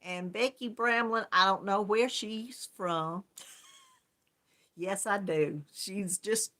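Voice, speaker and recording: A woman's voice: mid-range voice, takes it slowly, sharp tone. A woman hosting a casual live-stream chat, greeting viewers one by one and laughing often. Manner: chatty, friendly, laughs often. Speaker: yarn crafts channel host.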